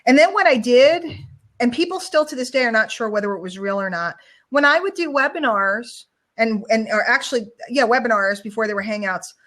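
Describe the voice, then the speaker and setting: A woman's voice: a little high, animated, brisk, fairly bright tone. A woman hosting a casual online show, chatting in a rambling, storytelling way over a video call. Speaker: show host.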